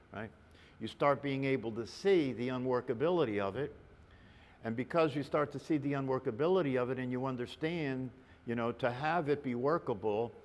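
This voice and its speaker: Man, meditation teacher, spiritual talk, reflective, frequent "right?" tags, long hall reverb. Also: medium pitch. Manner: reflective, keeps adding a questioning "right?".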